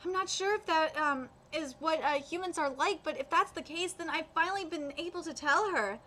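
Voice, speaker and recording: A woman reading the part of a wistful ancient spirit aloud, broken by fillers and pauses. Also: extremely high pitch, fairly bright tone. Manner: read aloud with hesitant fillers.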